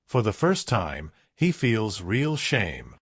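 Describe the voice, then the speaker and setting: A man narrating a scripted story in a slow, deliberate storytelling manner. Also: lowish voice, huge pitch swings, husky, no echo, clean studio sound.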